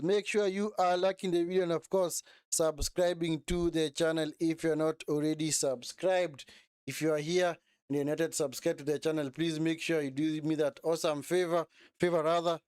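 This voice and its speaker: A man's voice: on the high side, fairly even intonation, moderate pace, a little mellow, clean tone, no room sound, studio quality. A young man hosting a casual live watch-along stream, talking in a chatty, repetitive way and often correcting himself.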